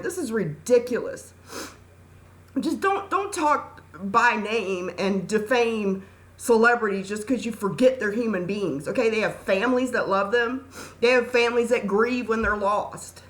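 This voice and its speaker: Earnest, scolding woman with a higher voice. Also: a bit bright. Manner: earnest, scolding, emphatic, preachy. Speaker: channel host. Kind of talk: impassioned talk to camera.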